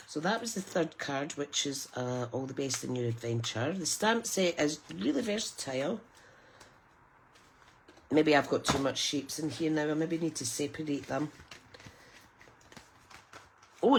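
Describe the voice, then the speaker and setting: A woman's voice: low voice, a little mellow, slightly rough. Lady doing a live craft demo, chatty, laughs a lot, says hi to viewers. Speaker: craft demonstrator.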